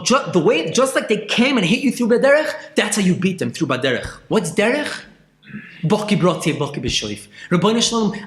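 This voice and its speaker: A man teaches Torah with passion, his high voice leaping and dropping as he asks question after question. He goes from loud outbursts to quiet asides, and the room around him rings with echo. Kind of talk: Torah class.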